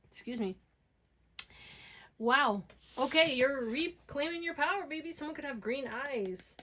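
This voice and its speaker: Blunt casual woman reading tarot, higher voice. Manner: casual and blunt, tags lines with "okay?", swears freely. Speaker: tarot card reader. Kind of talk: pick-a-card tarot reading.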